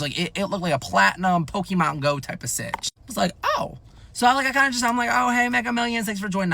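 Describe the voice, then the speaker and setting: A young man tells a storytime in a rushed, rambling way, words tumbling out quickly. His voice is bright and edged with gravel, pitched a little high for a man, and he swears freely and leans on "like" constantly. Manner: rambling, animated, heavy filler "like", frequent swearing. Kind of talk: casual storytime monologue.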